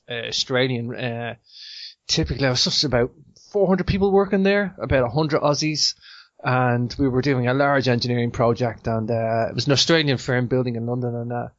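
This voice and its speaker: A male podcast host chats casually and tells his stories with animation, his pitch jumping high when something astonishes him. The recording is dull and lo-fi, with a dry sound and no room echo. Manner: animated storyteller with sudden high-pitched outbursts. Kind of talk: casual chat.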